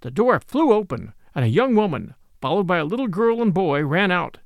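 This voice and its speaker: A man reading a classic novel aloud as an audiobook, in a gentle storytelling manner. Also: high-pitched, very animated, normal speed, gravelly, dry recording. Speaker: audiobook narrator. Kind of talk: scripted narration of a classic novel.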